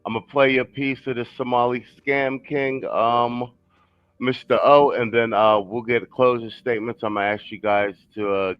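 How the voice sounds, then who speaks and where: Male live panel host, lowish voice, heated profane rants, dull dry lo-fi sound. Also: no room sound.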